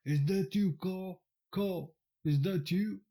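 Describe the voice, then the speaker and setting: Man doing a high, slangy dude adventurer. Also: a little slow, dark tone. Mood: surprised. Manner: slangy and startled, says "man" a lot. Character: Sasha, an easygoing dude adventurer.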